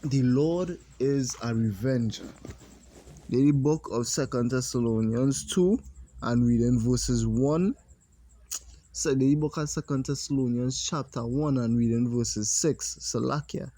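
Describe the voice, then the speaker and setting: A man teaching a religious lesson, reading scripture slowly and deliberately and pausing to comment. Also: medium pitch, warm tone, no room sound.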